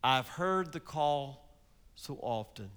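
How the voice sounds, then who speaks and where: A man voicing a drowsy male tollkeeper in a sermon story, speaking softly and apologetically. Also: animated, slow, smooth, in a large hall. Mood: apologetic. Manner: soft, low and drowsy.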